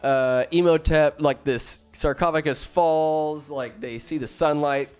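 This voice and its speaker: A man's voice: fairly high pitch, steady tone, a little slow, clean tone, faint music behind. A man casually retelling a movie plot, rambling and joking with profane, slangy asides. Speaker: film recapper.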